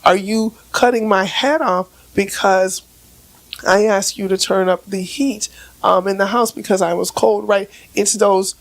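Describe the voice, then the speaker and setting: A woman with a raspy voice from laryngitis, speaking as a relationship expert on a casual podcast and explaining with everyday examples. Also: medium pitch, steady tone, measured pace, rough recording. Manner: explains with everyday examples, frequent "right?" checks; repeats words when starting sentences.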